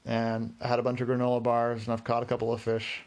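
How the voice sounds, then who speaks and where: A man voicing a weary stranded boater who talks slowly and gratefully in a story. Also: medium pitch, monotone, natural voice.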